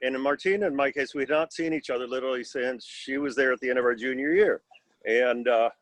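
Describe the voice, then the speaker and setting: An older man in his sixties spins a loose, good-humored story, teasing himself and his old classmates as he goes. He speaks at an ordinary pitch. The sound is dry and close, as on a video call. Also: fast, no room sound. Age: 60s. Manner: rambling, wry, self-deprecating humor. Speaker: alumnus at class reunion. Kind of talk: casual anecdote on video call.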